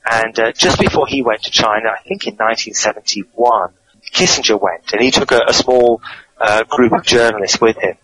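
Measured man explaining on radio. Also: medium pitch, a bit bright, poor audio. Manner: measured, explanatory, frequent word repeats. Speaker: guest author. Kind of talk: interview answers.

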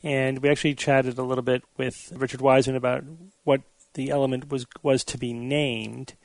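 A man hosting a podcast, running the news items in a brisk, joking way. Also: medium pitch, little pitch movement, creaky, no room sound. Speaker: podcast host. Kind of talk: casual panel chat.

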